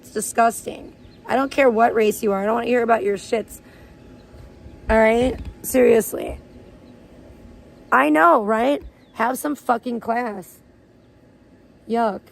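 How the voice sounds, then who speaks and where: A woman live streamer ranting in blunt, crude, gossipy chat and sometimes breaking into high playful chants. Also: slow, vocal fry, long pauses. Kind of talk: casual IRL livestream chat.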